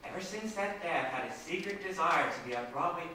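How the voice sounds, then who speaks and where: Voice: mid-range voice, lively intonation, fairly quick, pushed and bright. A performer playing a timid, nervous young male accountant who stammers and breaks into hysterics, in stage comedy style. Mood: earnest. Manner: jittery, stammering, prone to hysterics. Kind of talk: stage musical comedy acting. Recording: echoey stage sound from far off, faint noise.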